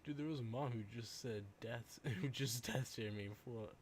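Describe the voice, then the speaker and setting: A man's voice: mid-range voice, normal speed, slight background noise. A young man streaming, making offhand remarks while he watches videos. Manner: offhand remarks, laughs along. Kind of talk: casual reaction commentary.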